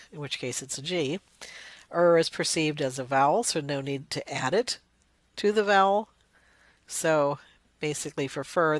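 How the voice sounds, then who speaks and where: A woman lecturer explaining spelling development, sounding out words slowly to demonstrate. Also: low-pitched, dry recording. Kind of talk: recorded lecture.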